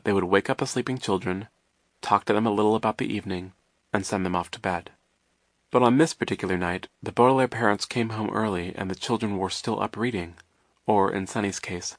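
A man narrating an audiobook in a wry, measured storytelling manner. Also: on the low side, dry recording, clean studio sound.

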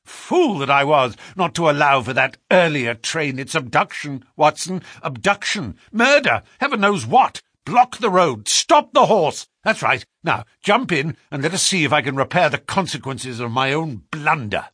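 A man reading aloud, voicing a brisk, commanding male detective who speaks quickly and clearly. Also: a little high, very animated, pushed and bright, no echo, studio quality, heavily acted. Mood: urgent command.

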